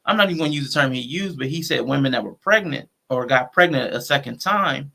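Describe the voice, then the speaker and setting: A man's voice: medium pitch, animated, fast, vocal fry, bright, forceful tone. A man hosting a casual livestream talk show, speaking conversationally with features and restarting his sentences as he thinks aloud. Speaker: show host.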